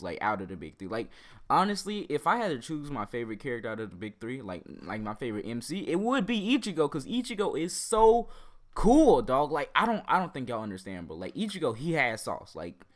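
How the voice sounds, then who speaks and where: Raspy young man with lively slangy talk. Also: medium pitch. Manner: slangy, rambling, full of "like" and "bro". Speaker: anime YouTuber. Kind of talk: casual vlog commentary.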